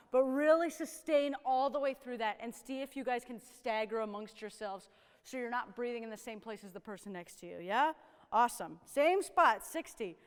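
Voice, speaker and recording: A woman's voice: fairly high pitch, clear, resonant tone, long reverb tail. A woman horn teacher coaching young players in a rehearsal, upbeat and encouraging, often checking in with "right?". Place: rehearsal room with young musicians.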